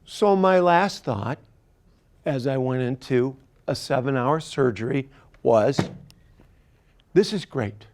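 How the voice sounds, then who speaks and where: A middle-aged man doing storytelling stand-up comedy, deadpan, dropping at times to a whisper. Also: mid-range voice, takes it slowly. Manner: deadpan, animated, drops to whispers.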